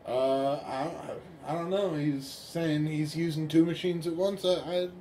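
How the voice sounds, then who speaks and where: A man's voice: a little high, steady tone, measured pace, dark tone, slight background noise. A man playing a tabletop game in a casual, sarcastic way. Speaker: player.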